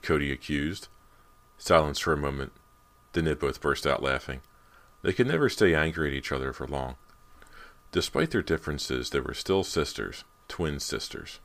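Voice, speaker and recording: A man narrating an audiobook in a steady, measured storytelling manner. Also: a bass voice. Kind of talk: scripted narration.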